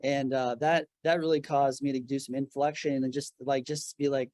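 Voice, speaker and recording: A man's voice: mid-range voice, little pitch movement, normal speed, darkish tone, no room sound. A middle-aged man talking casually about his record label and faith in an interview from his office, earnest and full of restarts. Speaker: guest, record label founder.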